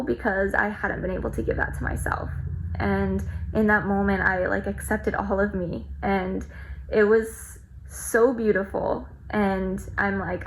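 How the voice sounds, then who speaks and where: A woman's voice: mid-range voice, vocal fry, a little hiss or hum, rough recording. A woman vlogger sharing a personal experience in a reflective, heartfelt way, with lots of "like" fillers. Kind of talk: personal storytelling to camera.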